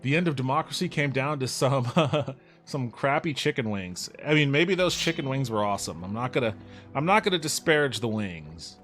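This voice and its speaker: A man's voice: mid-range voice, a bit bright. A man talks through his gameplay in a loose, rambling way. He drifts into jokey asides and swears when a fight goes badly. Faint game music plays behind him. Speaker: let's play host. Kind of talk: casual gameplay commentary.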